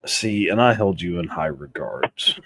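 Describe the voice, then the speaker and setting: A man's voice: low voice, expressive, unhurried, vocal fry, very noisy. A man chatting casually as a co-host, telling laid-back stories and swearing now and then. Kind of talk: casual chat.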